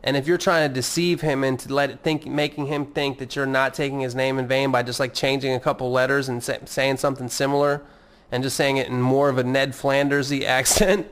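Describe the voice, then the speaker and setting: A male podcast host talking on his own in a loose, unscripted way. He rambles from one thought to the next, swears freely and pokes fun at himself. His voice sits at an ordinary middle pitch for a man. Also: fairly bright tone, clear, resonant tone. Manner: rambling, profane, self-mocking. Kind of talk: casual solo podcast monologue.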